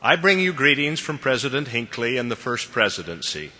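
Solemn male church speaker, bright tone, long hall echo. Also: mid-range voice, very animated. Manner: measured, formal, solemn delivery. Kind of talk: formal sermon address. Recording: long reverb of a large hall.

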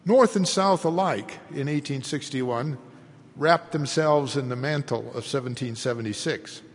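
A man giving a measured history lecture, rising in emphasis as he reads out quotations. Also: medium pitch, big-room sound. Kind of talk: lecture delivered to an audience.

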